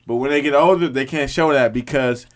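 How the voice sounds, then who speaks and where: A talkative man on a casual podcast, speaking in animated, slangy bursts. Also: medium pitch, brisk. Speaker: podcast co-host.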